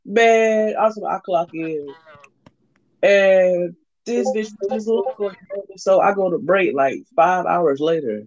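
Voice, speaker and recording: A man's voice: fairly high pitch, muffled recording. A young man telling a rambling, profane story in casual chat on a call, heavy with fillers.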